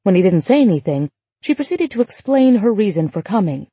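A woman reading a novel aloud in a measured, even storytelling voice. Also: mid-range voice, breathy edge, dry recording. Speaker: audiobook narrator. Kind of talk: scripted narration.

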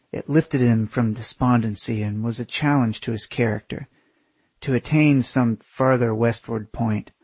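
Husky, sarcastic male storyteller. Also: mid-range voice, darkish tone, dry recording. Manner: profane, sarcastic, conversational. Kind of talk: casual spoken storytelling.

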